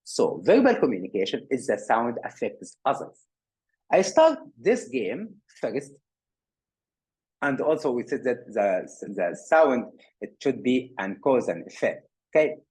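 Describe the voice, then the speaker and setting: A man giving a workshop lecture on physical therapy, animated, often repeating words and restarting. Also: medium pitch, measured pace, husky. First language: Arabic.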